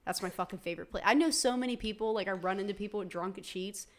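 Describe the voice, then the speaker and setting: A woman's voice: mid-range voice, fast. A young woman from West Virginia in casual political chat, blunt and profane, ranting with heat. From West Virginia, USA.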